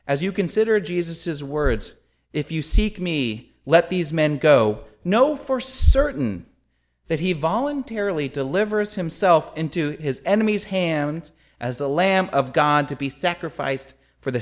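A man preaching a sermon, with emphatic rhetorical questions and storytelling. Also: on the high side.

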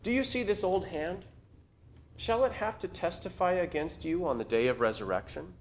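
A man reading aloud the lines of a wise old rector who questions a man gently but firmly. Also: high voice, expressive, moderate pace, a little hiss or hum, voice pushed up. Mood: gently probing. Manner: earnest, questioning, read aloud.

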